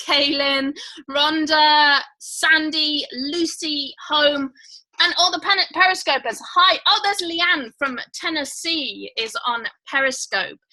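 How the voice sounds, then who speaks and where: A woman with a high, bright voice hosts a casual livestream. She rambles cheerfully, greets viewers by name and fills her pauses with "um". Her tone stays light and easygoing. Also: poor audio. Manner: rambling, chatty, many fillers. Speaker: livestream host.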